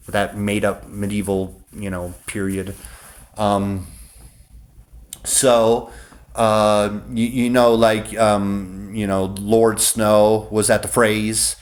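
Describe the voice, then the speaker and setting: A man rambling through a monologue for his viewers, swearing often and restarting his sentences with many fillers. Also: fairly low pitch. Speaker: vlogger.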